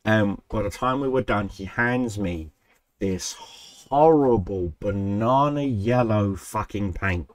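A man with a fairly low voice tells a rambling, profanity-laced story straight into a desk microphone. He backtracks and corrects himself as he goes. The sound is dry and close, with no room echo. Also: slow. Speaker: gaming channel host. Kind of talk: casual storytelling. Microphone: desk microphone he keeps bumping.

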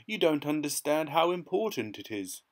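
A man's voice: mid-range voice, normal speed, fairly bright tone, natural voice. A man doing an earnest, pleading young girl. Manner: pleading and anxious.

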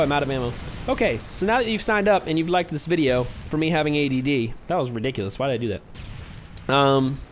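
Young male gaming commentator, hyped and scattered, slightly high voice, faint hiss behind. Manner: hyper, rambling, easily distracted. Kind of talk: casual gameplay commentary.

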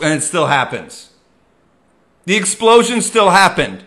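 A middle-aged man hosting a comic monologue, ranting and self-mocking with sudden loud yells. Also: high voice, big pitch swings, unhurried. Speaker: comedian host.

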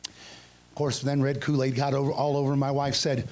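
A middle-aged male pastor preaching a revival sermon, telling stories and acting out his own past outbursts with shouts, in a church. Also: medium pitch, completely flat delivery, moderate pace. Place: church sanctuary.

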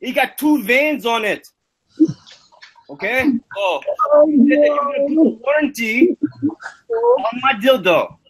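A man's voice: extremely high pitch, sing-song, a little slow, long pauses, a crowd in the background. A man on a livestream making an indignant, swearing prank phone call and repeating himself.

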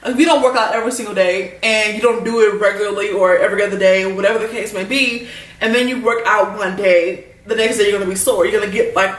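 Young woman, AAVE, animated rambling vlog storytime, roomy sound, mic a bit far. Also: mid-range voice, fast talker. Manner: animated, rambling, lots of "like" and slang. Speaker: vlogger. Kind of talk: storytime while eating.

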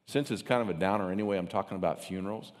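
A man's voice: sits low, very fast. A man preaching a sermon as pastor. He talks with animation and acts out mocking voices. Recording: long hall reverb.

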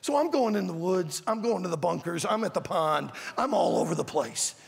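Older male preacher with a gravelly, husky voice. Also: high-pitched, expressive, moderate pace. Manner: emphatic, shouting the key words. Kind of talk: sermon. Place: large auditorium at a youth conference. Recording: long reverb in a large hall.

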